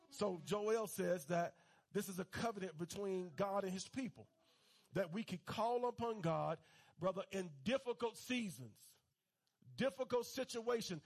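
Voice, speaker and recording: High, gravelly-voiced preacher man. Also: expressive, measured pace. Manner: fervent, call-and-response preaching. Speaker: pastor. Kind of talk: sermon.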